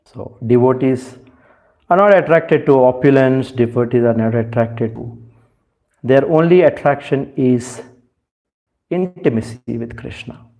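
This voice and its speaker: A man's voice: mid-range voice, measured pace, darkish tone. A man giving a devotional talk, searching for words with many fillers and asking rhetorical questions. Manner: rhetorical questions, rising emphasis. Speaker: spiritual speaker.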